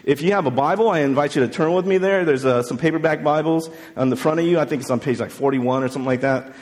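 A man with a notably high voice preaches to his congregation in an easy, conversational way and asks them questions as he goes. His words ring through a large church with a long, lingering reverb. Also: quick pace, darkish tone. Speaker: pastor. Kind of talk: sermon. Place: church sanctuary.

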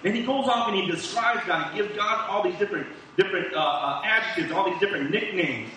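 High, bright-voiced preacher in echoey hall. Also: male voice, quick pace, slight background noise. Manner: animated, conversational Bible teaching with restarts. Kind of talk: sermon. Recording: echoey room from a distant mic.

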